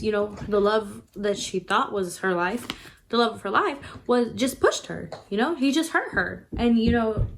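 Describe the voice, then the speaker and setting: A woman's voice: mid-range voice, a little hiss or hum. A woman giving a casual book review, chatting as she retells the story and acting out the characters' lines.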